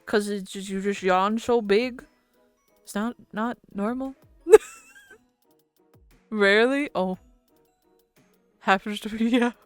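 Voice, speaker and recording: Female streamer, relaxed slow chatter, laughs a lot, casual cursing. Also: mid-range voice, clear, resonant tone, dry recording, soft background music. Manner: giggly, chatty, swears casually. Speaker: VTuber streamer. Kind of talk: casual stream chat with viewers.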